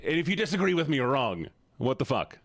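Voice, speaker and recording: A man's voice: medium pitch, very animated, quick pace, no room sound. A young man live-streaming, joking with his chat in a casual, profane way.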